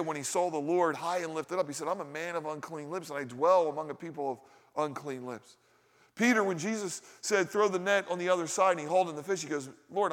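A man's voice: on the high side, long reverb tail. A male pastor preaching a sermon in a conversational style, asking his listeners rhetorical questions.

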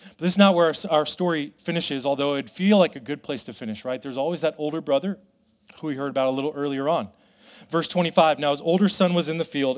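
A man preaching a sermon, animated and conversational, acting out the characters' complaints as he retells a parable. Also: fairly high pitch. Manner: animated, voices the brothers' complaints dramatically. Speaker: pastor.

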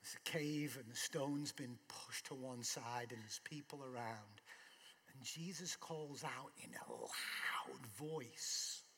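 A man's voice: mid-range voice, takes it slowly, vocal fry, pushed and bright, slightly rough, in a large hall. A man preaching a sermon in a conversational way, asking rhetorical questions. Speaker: pastor.

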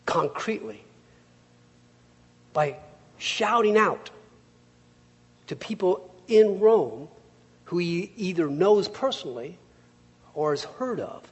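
Lively preacher with a husky voice. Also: male voice, sits high, slow, long pauses. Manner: lively, conversational storytelling. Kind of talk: sermon with scripture reading. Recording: long reverb of a large hall.

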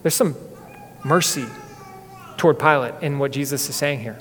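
A man's voice: medium pitch, normal speed, fairly bright tone, slight background noise. A male pastor preaching a sermon with earnest, dramatic storytelling in a church sanctuary. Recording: echoey hall reverb.

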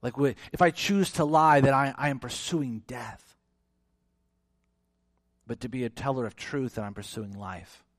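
Animated preacher man, dry sound. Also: unhurried, pauses often, dry recording. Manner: animated, acts out quoted voices with big swings in pitch and loudness. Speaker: pastor. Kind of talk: sermon.

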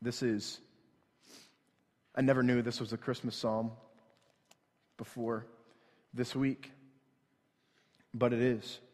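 A man's voice: medium pitch, flat delivery, slow, pauses often, a little mellow. A man in his thirties preaching a sermon in a church, telling a story in an earnest, conversational way. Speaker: pastor. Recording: long hall reverb.

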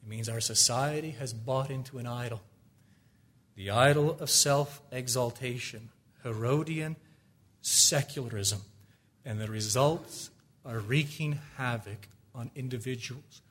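A man preaching a sermon, asking his listeners rhetorical questions and moving between low, quiet asides and loud, emphatic exhortations. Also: measured pace.

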